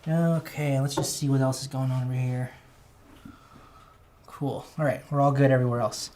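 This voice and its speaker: A man with a high-pitched, whiny voice, rambling enthusiastically as he chats casually on a toy unboxing livestream. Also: fairly even intonation, normal speed, a little mellow, slight background noise. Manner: rambling, enthusiastic, self-correcting. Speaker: toy collector streamer.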